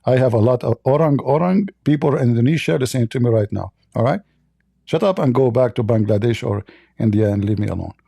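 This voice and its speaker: A man hosting a livestream debate, talking casually in a slow, halting, mocking way. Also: medium pitch, animated, gravelly, mellow, husky, dry recording, clean studio sound.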